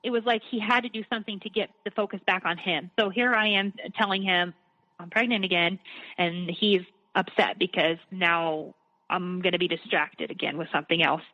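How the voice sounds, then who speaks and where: A woman's voice: fairly low pitch, steady tone, moderate pace. A woman guest telling her own story in a candid, earnest, conversational way, often restarting her sentences. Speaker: interview guest. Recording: dull lo-fi sound.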